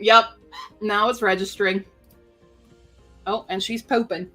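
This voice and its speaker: A woman hosts a casual writing-sprint livestream from home, chatting playfully and talking to her pet bird. Her medium-pitched voice is steady, bright, and forceful, moving at a measured pace with long pauses. Soft music plays in the background.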